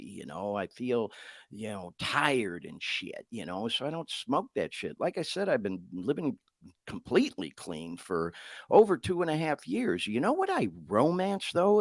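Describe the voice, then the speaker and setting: A man's voice: mid-range voice, no room sound, studio quality. Candid, profane middle-aged man hosting a podcast. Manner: candid and profane, talks straight to listeners. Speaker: podcast host. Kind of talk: casual podcast monologue.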